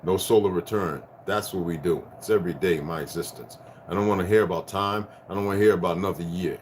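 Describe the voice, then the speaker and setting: A man in his fifties giving a rambling spiritual rant to his viewers, profane and preachy, swinging from loud bursts down to hushed tones. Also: low voice, quick pace, slight background noise. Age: 50s. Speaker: vlogger.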